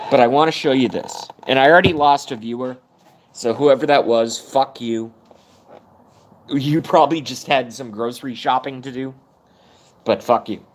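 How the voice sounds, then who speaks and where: A man hosting his own live stream, talking in a blunt, profane, rambling monologue and holding back tears at times. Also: medium pitch. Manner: profane, blunt and swings between energy and fighting tears. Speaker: YouTube livestream host.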